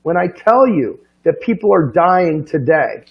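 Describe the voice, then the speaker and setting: A man giving an impassioned, profane monologue, hammering rhetorical questions and swinging between low, quiet stretches and sudden high, loud bursts. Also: big pitch swings, measured pace, gravelly, dull audio. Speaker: political commentator.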